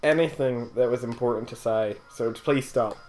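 A young man bantering over a video game, teasing his friend with deadpan insults. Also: mid-range voice, normal speed. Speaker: co-host commentating a let's play. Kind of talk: casual banter.

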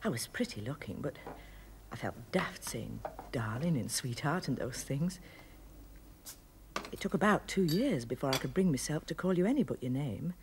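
An actress playing a wife fondly recalling her courtship in a soft, half-whispered letter voice-over for a 1970s television drama. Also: low voice, animated, moderate pace, noisy background. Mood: tender, nostalgic.

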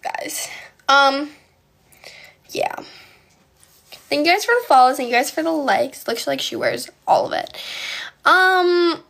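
Her voice is high-pitched, creaky, and a bit bright. The young Polish woman chats on a phone live stream, responding to viewers' comments with a valley-girl manner and frequent stutters.

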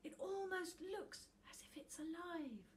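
Little Tuft is a small, timid young creature from a storybook who sounds breathless and whispery with eager wonder, as a woman reading aloud voices him. The voice rides high and light, and the pitch leaps lively from phrase to phrase. A faint room ambience sits behind it. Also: measured pace, distant mic, slight background noise.

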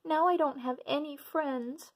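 A woman voicing a small, lonely girl remora fish in a storybook, high and tearful. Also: lively intonation, moderate pace, a bit bright, breathy edge, full character voice.

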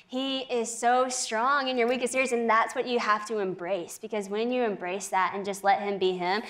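Young woman telling her faith story on a tv interview, kinda high voice, quick and earnest, gets really animated. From United States. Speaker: guest.

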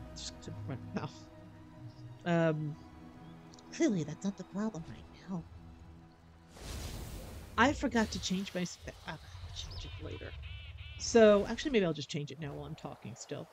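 A woman's voice: on the low side, darkish tone. A woman streaming a game, chatting casually and rambling with lots of fillers and self-corrections. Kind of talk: casual gaming chat. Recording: faint background noise.

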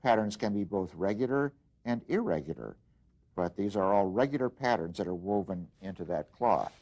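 A man teaching an art lesson, explaining design principles in an unhurried way as he works, with frequent pauses and restarts. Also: fairly low pitch, expressive, a little mellow, highs cut off, a little hiss or hum. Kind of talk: demonstration lesson.

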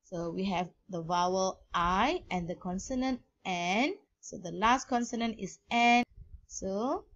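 A woman's voice: mid-range voice, unhurried, muffled recording. A woman with a Malaysian English accent teaching a grammar lesson, spelling words out letter by letter.

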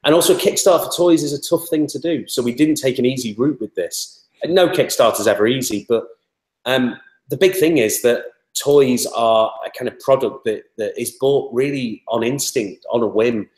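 A man's voice: mid-range voice, normal speed, darkish tone. Chatty man, roomy echo. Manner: chatty, rambling, many fillers. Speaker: interview guest, toy startup spokesman. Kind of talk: casual interview talk.

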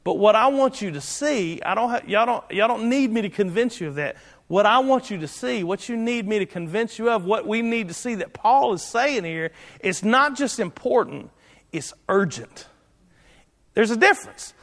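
A man preaches in a high, light voice. He talks in a homespun, conversational way, circling back and restarting his sentences. His voice rings with the long reverb of a church sanctuary. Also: expressive, normal speed, fairly bright tone. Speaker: pastor. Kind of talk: sermon.

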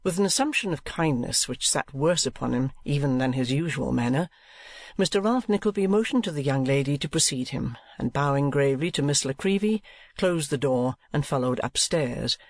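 A man's voice: medium pitch, lively intonation, moderate pace, no room sound. Male audiobook narrator, dry close sound. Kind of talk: scripted narration.

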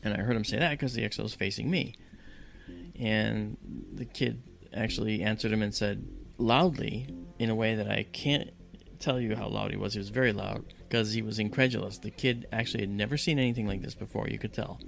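A man telling a story on a podcast in a lively, casual way and acting out the dialogue. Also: on the low side, fairly quick, gravelly. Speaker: podcast guest. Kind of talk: casual spoken anecdote.

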